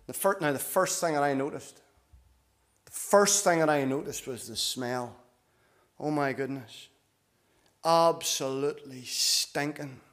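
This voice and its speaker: Middle-aged preacher, fairly high pitch, animated storytelling delivery. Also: male voice, unhurried, pauses often. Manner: animated, rises in pitch and volume for emphasis. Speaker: visiting preacher. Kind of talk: storytelling sermon.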